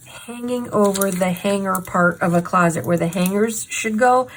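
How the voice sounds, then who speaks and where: Host, woman, mid-pitched voice, sarcastic and emphatic, faint hiss behind. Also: unhurried, poor audio. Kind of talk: casual true crime chat while crafting.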